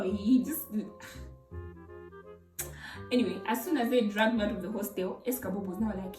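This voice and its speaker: A young Zambian woman with a Zambian English accent tells a story for her YouTube vlog, animated and exclamatory. Her voice is medium-pitched, measured, and full of pauses, recorded on a distant mic in a roomy space with faint music.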